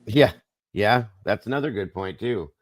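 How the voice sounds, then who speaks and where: A man's voice: fairly low pitch, moderate pace, no room sound. A man hosting a casual live-stream discussion, musing aloud and talking straight to viewers in the chat. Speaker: livestream host.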